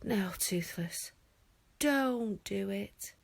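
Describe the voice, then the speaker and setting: A woman's voice: mid-range voice, extremely slow, vocal fry, no room sound, full character voice. A woman voicing an anxious pleading Viking boy. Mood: alarmed. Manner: urgent, pleading. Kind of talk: storybook reading.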